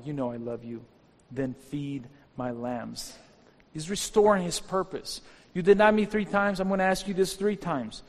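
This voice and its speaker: Fervent male pastor preaching in a hall. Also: on the high side. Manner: fervent, rising to exhortation. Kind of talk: sermon. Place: church hall. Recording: long hall reverb with faint music.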